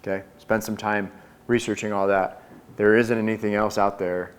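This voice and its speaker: A man coaching a group on door-to-door solar sales, talking with energy and confidence and acting out his pitches. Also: level tone, normal speed. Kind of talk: sales training talk to a group.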